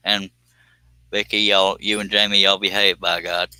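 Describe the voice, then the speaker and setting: A man's voice: sits low, level tone, moderate pace, bright, forceful tone, clear, resonant tone, no room sound. A man chatting casually and jokingly with viewers while he works on a woodworking live stream. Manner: folksy, joking, self-deprecating.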